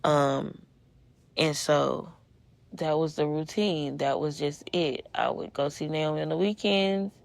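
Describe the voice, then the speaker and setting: A woman's voice: deep voice, steady tone, takes it slowly, creaky, no room sound. A woman, hosting a podcast and telling a personal story in a candid, emotional, conversational way with many fillers. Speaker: podcast host. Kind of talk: casual storytelling monologue.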